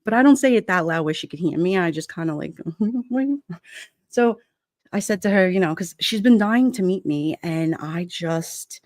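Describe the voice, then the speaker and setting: A woman's voice: on the low side, lively intonation, moderate pace, no room sound. Woman, middle-aged, New York accent, casual livestream storytelling, laughs a lot, acts out quotes, dry close sound. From Brooklyn, New York. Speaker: livestream vlogger.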